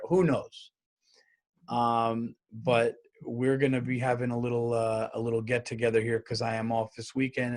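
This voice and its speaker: Rambling, animated comedian riffing solo. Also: male voice, mid-range voice. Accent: New York. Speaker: podcast host and comedian. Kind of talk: casual comedic monologue.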